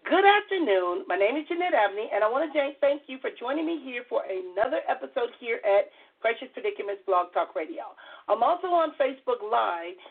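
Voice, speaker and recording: A middle-aged woman with a hoarse voice hosts a call-in radio show, chatty and earnest as she tries to keep her voice soft. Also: on the high side, very animated, fairly quick. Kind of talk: call-in talk radio monologue. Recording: tinny phone-line audio.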